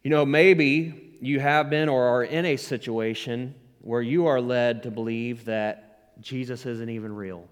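A man's voice: medium pitch, fairly even intonation, a little slow, clear, resonant tone. A man pastor preaching a sermon with rising emphasis, asking the congregation to respond. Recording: long hall reverb.

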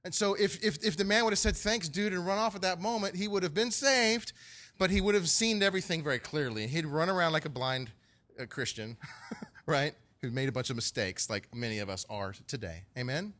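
A man's voice: a little high, brisk, fairly bright tone. A male pastor preaching a sermon in a church in a conversational way, repeating phrases and putting questions to the congregation.

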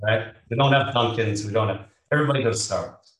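A man's voice: lowish voice, quick pace, fairly bright tone. A man working as a real estate agent, telling a sales story in conversation and acting out both sides of the dialogue. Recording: roomy sound from a distant mic.

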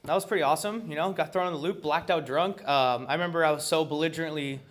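A man's voice: on the high side, fast talker. Man casually sharing at a recovery meeting. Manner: loose and profane, heavy with fillers. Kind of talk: casual personal share.

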